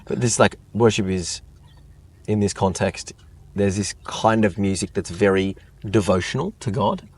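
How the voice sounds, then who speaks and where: A young man, a guest in a casual chat, tells a long personal story in a lowish, husky voice at normal speed. He rambles, piles on fillers and plenty of "like," and retells it all with animation.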